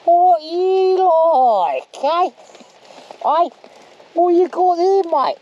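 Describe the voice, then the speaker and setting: A man playing a boisterous, cheery man greeting a mate, with a loud, drawn-out, high voice, outdoors at a rainy wild camp. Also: very animated, dull audio, heavily acted. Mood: jovial. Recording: loud rain noise behind, off-mic.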